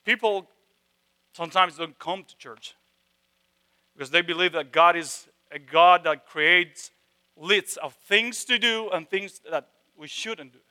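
A man preaching a sermon, emphatic, with slow repeated phrases and sudden drops from loud stresses to hushed tones. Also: high voice, clear, resonant tone. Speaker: pastor.

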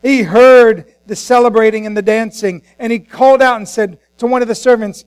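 A man's voice: very high-pitched, steady tone, normal speed, few pauses, clear, resonant tone, no room sound, rough recording. A man preaching an Easter sermon as a pastor in church, impassioned and acting out the voices in the scripture he reads.

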